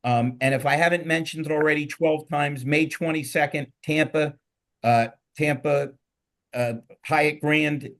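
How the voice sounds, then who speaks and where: Middle-aged male host, Philly accent, rambling and jokey, energetic panel banter. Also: on the high side, moderate pace, few pauses. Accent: Philadelphia. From Philadelphia. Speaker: podcast host. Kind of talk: casual panel talk.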